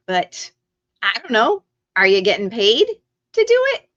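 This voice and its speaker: Slow ranting woman, lo-fi stream audio. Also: mid-range voice, fairly bright tone. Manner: heated, ranting, swears freely. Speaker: livestream host. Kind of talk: ranting livestream talk.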